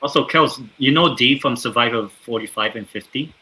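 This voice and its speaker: A man co-hosting a live match watchalong, teasing and quick to chime in. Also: medium pitch, pushed and bright, poor audio. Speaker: watchalong co-host. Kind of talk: casual chat over a live match.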